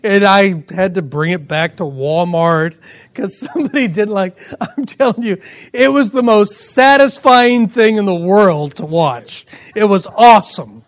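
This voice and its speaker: A middle-aged man preaching a sermon, telling lively personal stories with bursts of laughter. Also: high voice, measured pace. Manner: animated storytelling with laughter. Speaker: pastor.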